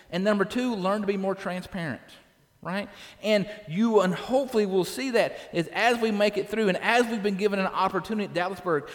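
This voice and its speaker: A man's voice: sits high, big-room sound. A man preaching a sermon as pastor, conversational and direct, often tagging his points with "right?". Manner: conversational, tags lines with "right?". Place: church.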